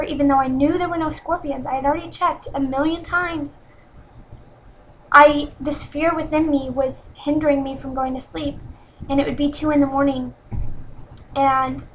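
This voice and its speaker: A woman in her twenties telling a personal story in an earnest, self-critical way, with many pauses and restarts. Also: high voice, slight background noise, low-quality recording. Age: 20s. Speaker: vlogger. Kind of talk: personal confessional vlog.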